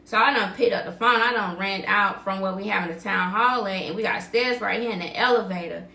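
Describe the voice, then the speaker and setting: Woman, podcast host, casual storytelling, acts out quoted dialogue, bright tone, echoey room. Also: medium pitch, brisk, vocal fry. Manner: vivid retelling, acting out quoted dialogue.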